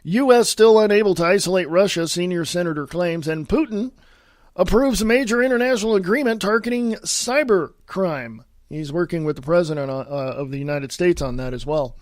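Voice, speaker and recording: A man hosting a solo political podcast, reading news headlines aloud with sarcastic asides and repeating himself, often coughing and clearing his throat. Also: high voice, lively intonation, moderate pace, dry recording, clean studio sound. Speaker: podcast host.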